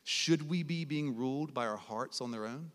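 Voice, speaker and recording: A man preaching to a college crowd, telling lively conversational stories and dropping to soft, low tones for emphasis. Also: normal speed. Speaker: guest preacher. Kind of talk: sermon with personal stories. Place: large hall at a college ministry gathering. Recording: long hall reverb.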